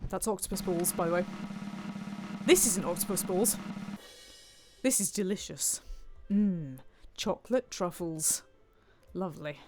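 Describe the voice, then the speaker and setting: A woman's voice: fairly low pitch, a little slow, long pauses, darkish tone, soft background music. A woman streaming a cooking game, chatting playfully and reading viewer comments aloud. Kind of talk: casual gameplay commentary.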